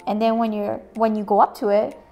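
A woman's voice: mid-range voice, flat delivery, fairly quick, mellow, soft background music. A woman hosting a toy unboxing video, bubbly and playful, chatting as she opens each item and sometimes slipping into silly voices for the toys.

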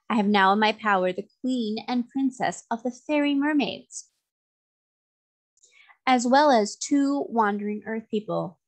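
A woman reading aloud, voicing a vengeful male sea magician who speaks slowly and sweetly with mocking calm. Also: mid-range voice, natural voice.

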